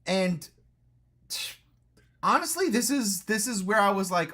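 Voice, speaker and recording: A man's voice: high-pitched, animated, measured pace, long pauses, sharp tone. A man with a New York accent reviewing horror movies in an enthusiastic, profane casual chat. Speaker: podcast co-host.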